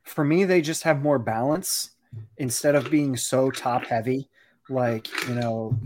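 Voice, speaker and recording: A man co-hosting a casual sports podcast, talking through team analysis in a measured, analytical way and often saying "you know". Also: medium pitch, noisy background. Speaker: podcast co-host, hockey analyst.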